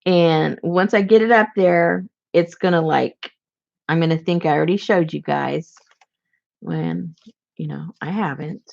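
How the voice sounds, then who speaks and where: Chatty gravelly woman, lo-fi sound. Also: deep voice, a little slow, a little mellow. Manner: chatty, giggly, rambling. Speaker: crafter showing handmade gifts. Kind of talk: casual vlog chat.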